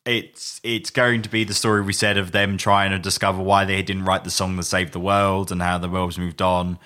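A man's voice: low-pitched, flat delivery, normal speed, bright, forceful tone. A man on a podcast bringing film news in casual chat, with hesitant restarts.

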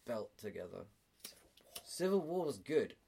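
A man's voice: mid-range voice, sing-song, unhurried, vocal fry, warm tone, breathy edge. A young man co-hosting a podcast, chatting casually and rambling through stories with lots of swearing. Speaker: podcast co-host. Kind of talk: casual chat.

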